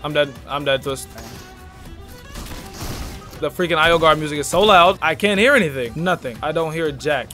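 A man's voice: a little high, moderate pace, long pauses, sharp tone, soft background music. A young man giving hyped, trash-talking commentary over a video game with a friend. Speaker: gaming YouTuber. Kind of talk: live gameplay commentary.

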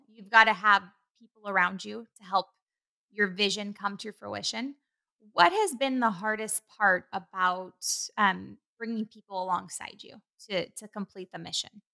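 Bright, affirming woman podcast host. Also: medium pitch, a little slow, gravelly. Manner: affirming, encouraging, casual. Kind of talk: faith-centered podcast interview.

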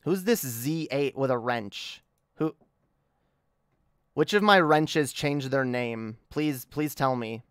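A woman's voice: extremely low pitch, slow, clean tone, dry recording, studio quality. A woman livestreaming an angry rant, annoyed and swearing a lot, often stammering and restarting her sentences. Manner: profane, heated, stammering restarts.

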